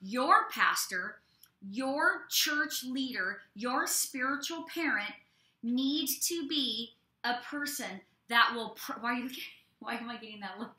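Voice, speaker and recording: A woman prophet co-hosting a ministry show, teaching from the Bible in an expressive way with folksy asides to her listeners. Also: a little high, a little slow. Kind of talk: animated preaching and Bible teaching. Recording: echoey room.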